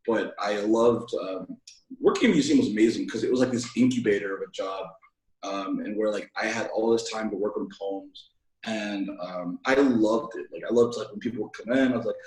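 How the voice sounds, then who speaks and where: A man's voice: on the low side, brisk, a little mellow. Male poet, 20s, from Alaska; playful rhythmic reader, echoey room sound. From Alaska, USA. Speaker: poet guest. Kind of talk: poetry reading and casual chat.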